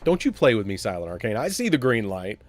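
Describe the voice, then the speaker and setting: A man's voice: lowish voice, sing-song, fast, no echo. A man from Alabama with a Southern accent, rambling and joking with his chat while live-streaming a card game. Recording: dry with faint music behind.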